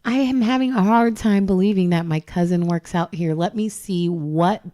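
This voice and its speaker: A woman's voice: fairly low pitch, moderate pace. A woman co-hosting a podcast, telling a story in casual chat with lots of laughing and acted-out quotes. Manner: animated, laughing storyteller who acts out quotes. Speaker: podcast co-host.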